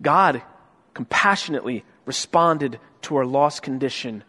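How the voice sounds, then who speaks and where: A male pastor giving a sermon, telling a story in a conversational way that builds into loud, emphatic stretches. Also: medium pitch, unhurried. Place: large church sanctuary. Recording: long church-hall reverb.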